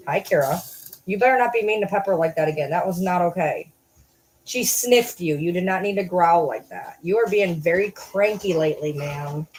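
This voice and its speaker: A woman vlogging casually at home at night, chatting to the camera and calling and scolding her dogs in a high sing-song. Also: normal speed, a little hiss or hum, poor audio.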